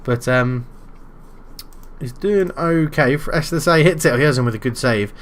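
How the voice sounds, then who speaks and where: British guy narrating his football sim, goes loud and excited at the goals. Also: medium pitch, moderate pace. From Britain. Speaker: gaming YouTuber. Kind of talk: game commentary.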